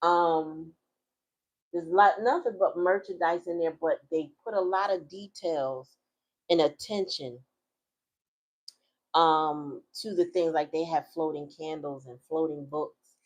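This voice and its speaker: A woman's voice: sits low, slow pace. A middle-aged woman, host of her own channel, chatting casually and telling a story in a slangy, laughing way. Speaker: tarot reader and channel host. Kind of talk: casual chat.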